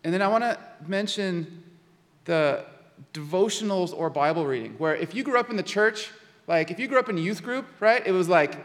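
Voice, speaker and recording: Man, pastor, sermon, high voice, conversational, repeats words, long echoing reverb. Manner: conversational, repeats words, slows to a hush on key phrases.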